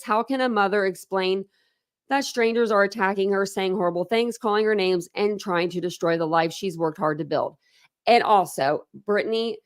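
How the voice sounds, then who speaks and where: A woman hosting a true crime channel rants through heated commentary on online drama. She swears freely and keeps repeating herself as she works herself up. When she reads documents aloud, her tone slows and turns mocking. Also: medium pitch.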